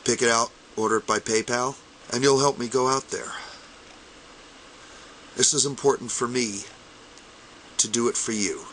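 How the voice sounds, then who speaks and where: A man who fights in armored combat makes an impassioned fundraising appeal to camera, choked up as he urges listeners not to quit. His medium-pitched voice moves at normal speed with long pauses, repeating fervent exhortations that rise almost to shouting. The poor audio carries slight background noise.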